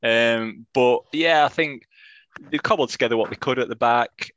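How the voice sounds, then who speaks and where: A man's voice: mid-range voice, moderate pace, fairly bright tone, muffled recording. A man co-hosting a casual football podcast, chatty and self-mocking. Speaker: podcast co-host.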